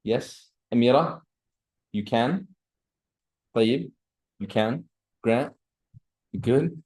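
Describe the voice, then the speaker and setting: A man's voice: medium pitch, expressive, very slow, a little mellow. A man teaching an Arabic grammar class, quizzing students by name and reciting Arabic phrases between his English explanations. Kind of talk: classroom lecture. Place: seminary classroom.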